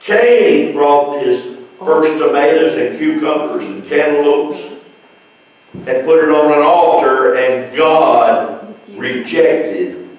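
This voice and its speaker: Preacher, male, fairly high voice, slow deliberate storyteller, distant echoey church mic. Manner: slow storytelling with acted-out quotes. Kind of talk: church Bible study teaching. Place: church sanctuary.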